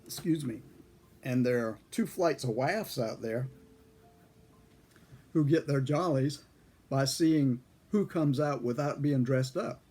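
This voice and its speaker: An older man, a former airman, telling a story from his own past in a casual, folksy way, chuckling and clearing his throat now and then. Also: medium pitch, slow pace, pauses often, warm tone. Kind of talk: casual spoken memoir storytelling.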